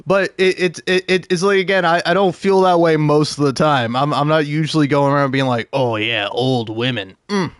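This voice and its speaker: A man's voice: fairly high pitch, steady tone, a little fast, hardly any pauses, clear, resonant tone, dry recording, studio quality. A man in his twenties rambling in casual commentary over gameplay, stammering and chuckling often. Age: 20s. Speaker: gaming commentator.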